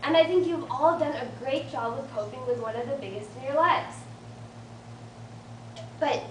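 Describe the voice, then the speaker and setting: A young woman in her late teens giving an earnest motivational talk to a support group, telling a story with a light touch of humor about herself. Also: high-pitched. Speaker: invited student speaker. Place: meeting room of a support group. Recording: roomy, distant mic with faint room noise.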